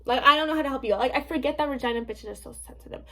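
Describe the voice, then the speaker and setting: Young woman ranting on her vlog, high voice, sassy and blunt, swears a ton. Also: very fast, pushed and bright. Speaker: vlogger. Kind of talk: casual storytime rant.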